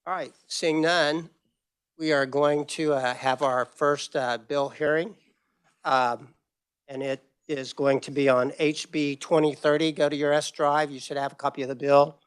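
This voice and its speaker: A man chairing a legislative committee hearing in a brisk, procedural way, speaking into a table microphone in a committee room. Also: a little high, level tone, smooth.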